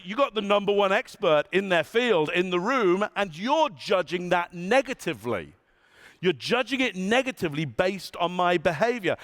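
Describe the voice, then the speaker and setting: A man giving a conference keynote in a large hall, animated and asking the audience questions, sometimes dropping his voice low and soft to show a point. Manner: demonstrates tones, drops voice low and soft. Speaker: keynote speaker.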